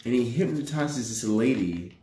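A man joking through casual banter about tabletop games, an animated storyteller who laughs often. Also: medium pitch, moderate pace. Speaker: tabletop gaming podcast co-host. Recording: echoey room.

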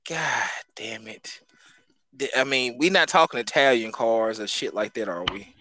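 A man's voice: mid-range voice, unhurried, sharp tone, poor audio. A man co-hosting a podcast, chatting casually about cars, swearing a lot and hesitating while he thinks. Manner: profane, hesitant, thinks aloud with many ums. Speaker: podcast co-host. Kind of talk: casual car banter.

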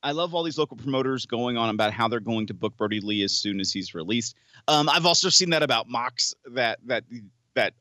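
A man's voice: mid-range voice, animated, fairly quick, pushed and bright, no echo, clean studio sound. A man co-hosting a podcast in casual chat, with a matter-of-fact, plainly spoken delivery. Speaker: podcast co-host.

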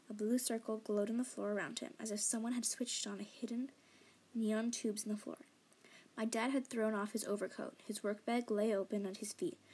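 A woman reading a novel aloud in first person, expressive and sometimes dropping to a whisper. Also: mid-range voice, breathy edge. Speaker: audiobook reader. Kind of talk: fan audiobook narration.

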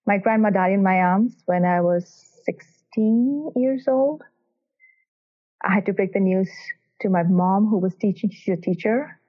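A woman doctor speaks earnestly and with emphasis as she answers interview questions, her voice sitting at an ordinary middle pitch. The sound comes through thin and tinny, like a phone line. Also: a little slow. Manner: earnest and emphatic, telling patient stories. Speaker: cardiac electrophysiologist guest.

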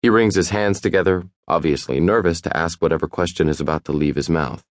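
A man narrating a first-person audiobook in a wry, even storytelling manner. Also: deep voice, a little fast, few pauses, no echo, clean studio sound.

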